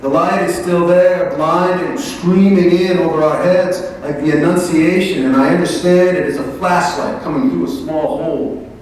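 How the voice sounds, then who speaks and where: A male author reading a passage of his novel aloud in a measured, steady voice at a library event. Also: fairly high pitch, a little hiss or hum. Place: large library event hall. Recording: echoey hall, mic from far off.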